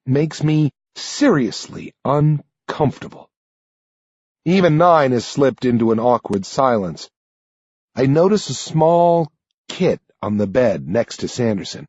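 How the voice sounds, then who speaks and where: A husky male narrator reading an audiobook slowly, with a lively, rising-and-falling delivery. The sound is dull and lo-fi, and the recording is dry with no room echo. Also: medium pitch. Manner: measured, expressive first-person reading. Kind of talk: scripted narration.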